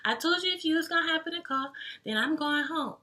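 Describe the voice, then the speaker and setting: A woman putting on the voice of her young female friend, stern and bossy, with a high-pitched voice. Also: animated, fast, bright, forceful tone, distant mic.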